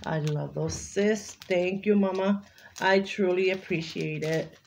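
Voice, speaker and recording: A woman's voice: fairly low pitch, steady tone, unhurried, gravelly, a little mellow, slight background noise. A woman crafting vlogger in casual unboxing chat, gushing and exclaiming over each item she opens.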